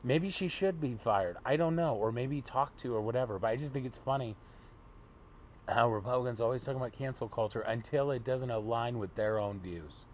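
A man's voice: medium pitch, normal speed, darkish tone, a little hiss or hum. A young man giving a profane, exasperated political rant as a commentary vlogger, mocking and blunt.

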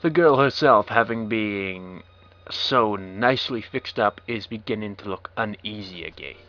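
This bright-voiced man reads a game aloud for a let's play, his pitch fairly low and his pace a little slow. He interrupts the text with wry, sarcastic jokes, and the dull lo-fi audio carries faint game music.

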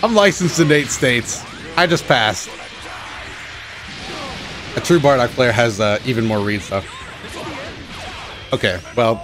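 A man giving excited, self-mocking commentary over his own fighting-game matches, groaning at losses and cheering at wins. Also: medium pitch, takes it slowly, long pauses. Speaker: gaming channel host. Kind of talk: live gameplay commentary. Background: game music and sound effects.

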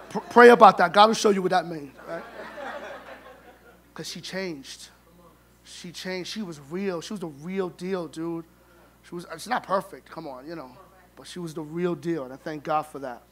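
A middle-aged man telling funny, animated stories at a memorial service, acting out the dialogue. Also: high voice, normal speed. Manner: humorous, animated, acts out dialogue. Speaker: son giving a eulogy. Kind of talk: storytelling eulogy at a memorial service.

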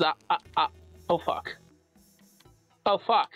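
A man chatting casually while playing a video game, reacting excitably with frequent swearing. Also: a little high, unhurried, no room sound, dull audio, soft background music. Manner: excitable, swears often in exclamations. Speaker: gamer. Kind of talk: casual gaming chat.

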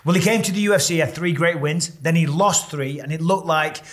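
A middle-aged man speaks with a higher-than-usual pitch as a fight analyst. He is animated and jokey, sizing up fighters' styles in casual pundit chat on a sports preview show. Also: fairly quick.

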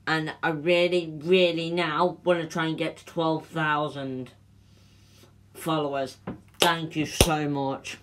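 A man's voice: fairly high pitch, level tone, slow, noisy background. A man gushing repeated thanks to his followers in a vlog, emotional and near tears. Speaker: social media creator.

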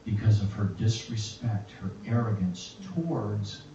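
A man preaching a sermon and reading scripture aloud in a slow, reflective way. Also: fairly low pitch, noisy background. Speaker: pastor. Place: church. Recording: echoey, distant, muffled church recording.

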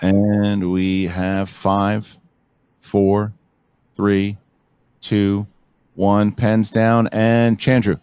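A man hosting a trivia match, reading out questions and counting the seconds in a measured, unhurried way. His voice sits low, and he takes his time with every word. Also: flat delivery, darkish tone, smooth.

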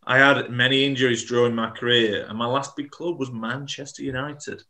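A man's voice: medium pitch, moderate pace. A man hosting a podcast quiz, reading clues and laughing often. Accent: English. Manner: laughing, excitable quizmaster. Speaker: podcast host running a quiz. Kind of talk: casual chat.

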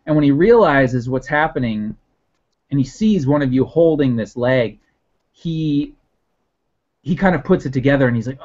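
A man's voice: medium pitch, animated, normal speed, pauses often, a little mellow. A man narrating a tabletop game as game master, rambling with restarts, on a dull lo-fi recording. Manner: rambling, many fillers and restarts.

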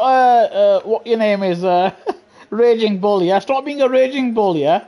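Warm and high-pitched, this young man from England streams live racing gameplay at a measured pace. He teases the other players in his lobby, laughs a lot and leans heavily on slang.

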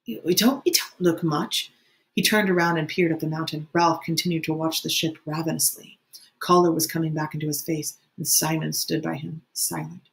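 Woman, teacher, reading a novel aloud for students, lowish voice, plain delivery, occasional restarts. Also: creaky.

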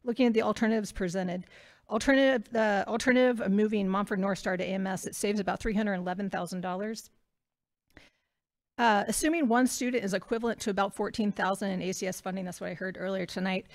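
Fast-talking woman at a public meeting. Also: medium pitch, fairly even intonation. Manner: rapid, itemized delivery. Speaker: parent speaking at a school board meeting. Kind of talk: prepared public comment.

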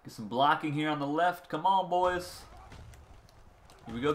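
A man giving casual commentary over his own football video game, excitable and quick to shout at bad plays. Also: fairly high pitch. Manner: excitable, swings from calm play-calling to loud outbursts. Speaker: gaming channel host. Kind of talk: gameplay commentary.

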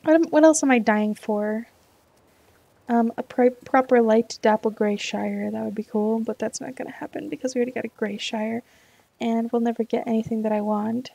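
A woman's voice: on the high side, fairly even intonation, normal speed, gravelly, dark tone, no room sound. A young woman chatting casually while playing a game, rambling and talking herself in and out of choices. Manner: rambling, indecisive, talks to herself. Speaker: gaming YouTuber. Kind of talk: casual let's-play chat.

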